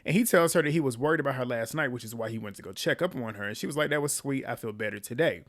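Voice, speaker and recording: A man talks through a reality show episode in a relaxed, conversational recap. He drops sarcastic asides and laughs at the people he describes. His voice sits at an ordinary middle pitch. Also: rapid-fire. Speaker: recap host.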